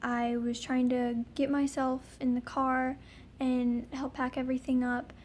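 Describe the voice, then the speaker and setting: A woman's voice: sits high, flat delivery, a little slow, a little mellow. Young woman, casual storytime vlog, rambling, faint background hiss. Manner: rambling, full of ums and likes. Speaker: vlogger.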